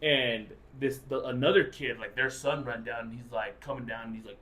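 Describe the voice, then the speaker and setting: A young man hosting a podcast, rambling through an animated story in casual chat. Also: mid-range voice, a little fast. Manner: rambling, animated retelling with swearing and "dude". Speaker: podcast host.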